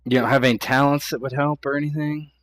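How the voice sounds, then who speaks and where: A man narrating as game master of a tabletop game in a relaxed, unhurried way, with fillers. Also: mid-range voice, slight background noise.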